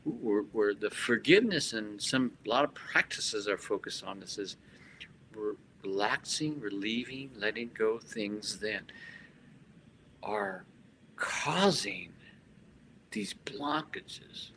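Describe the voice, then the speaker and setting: A man with a bright, clear voice guides a meditation and chants mantras. He then explains the practice with many restarts and repeated words. A faint hum of noise sits behind him. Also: on the low side, lively intonation, takes it slowly, rough recording. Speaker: spiritual teacher. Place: hotel expo hall.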